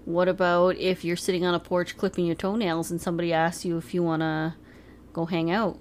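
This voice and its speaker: A woman's voice: lowish voice, little pitch movement, fairly quick, a little hiss or hum. A woman co-hosting a casual podcast with her partner, teasing him and laughing often. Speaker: podcast co-host. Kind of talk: casual couple chat.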